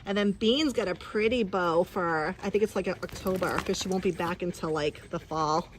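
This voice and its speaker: A woman's voice: lowish voice, moderate pace, background noise. A woman chatting casually on a livestream from her backyard pool, laughing often and talking to her dogs.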